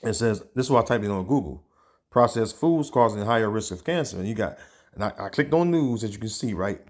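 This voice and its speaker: With a lowish voice and lively intonation, an online preacher offers casual religious teaching. He speaks loosely with plenty of fillers, especially "man" and "all right," and breaks off to search for scripture and news that he then reads aloud.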